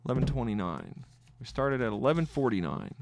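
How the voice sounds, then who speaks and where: A man hosting a trading podcast, thinking aloud through his trades in live commentary, halting and restarting as he counts wins and losses. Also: medium pitch, sing-song, a little hiss or hum.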